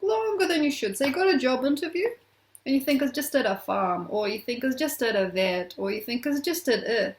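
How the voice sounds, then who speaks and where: A woman's voice: sits high, animated, brisk. A woman astrologer talking to camera in a playful, affectionate, teasing way, laughing often. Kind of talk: casual astrology vlog to camera. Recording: echoey room.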